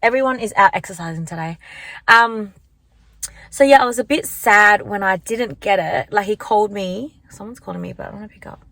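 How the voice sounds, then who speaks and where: A woman's voice: mid-range voice, fairly quick, pushed and bright, dry recording. A young woman vlogging casually into her phone from her car, chatty and rambling, full of likes and restarts. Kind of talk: casual chat to camera. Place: parked car. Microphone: handheld phone.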